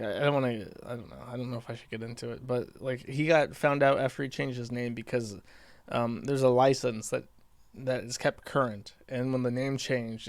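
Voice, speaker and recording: A man's voice: medium pitch, dry recording. A man hosting casual commentary on an archived clip, rambling and hedging with many fillers and some swearing. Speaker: commentary host.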